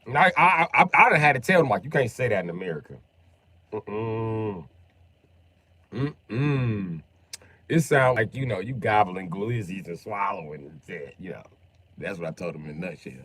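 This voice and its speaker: A man's voice: lowish voice, animated, measured pace, bright, forceful tone. A young man streaming a game, rambling and joking with plenty of profanity. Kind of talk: casual gaming livestream chat.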